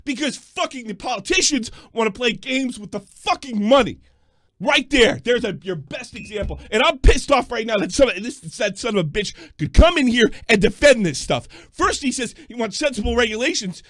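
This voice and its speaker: Male call-in host, loud profane ranting, very high tense voice, dry close sound. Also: animated, normal speed, no echo. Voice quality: yelling, profane, combative. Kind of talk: angry call-in rant.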